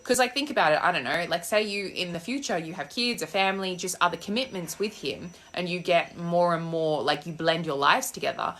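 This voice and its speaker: Brisk and with few pauses, this fairly low, slightly bright female voice comes from a young manifestation coach live-streaming on a walk. Phone in hand, she fields comments casually, bluntly, and sassily, swearing freely.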